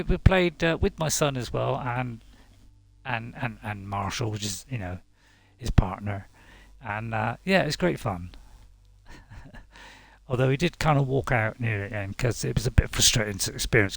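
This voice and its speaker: A man's voice: medium pitch, gravelly, dry recording. A middle-aged man, casually commentating on gameplay in a rambling, chatty way with chuckling asides. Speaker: gaming channel host.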